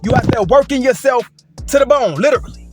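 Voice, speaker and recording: A man's voice: very high voice, expressive, a little fast, music in the background. A man hosting a commentary video, speaking emphatically and checking in with "right?". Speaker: host.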